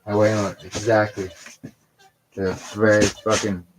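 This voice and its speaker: A man's voice: fairly low pitch, level tone, a little slow, background noise. A man in his thirties giving a rambling, profane, confrontational monologue on a live stream. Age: 30s.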